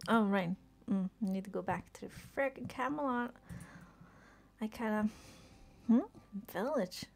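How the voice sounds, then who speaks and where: Her voice creaky and medium in pitch, a young woman talks a little slowly while streaming a game. She chats casually, frequently laughing and muttering to herself.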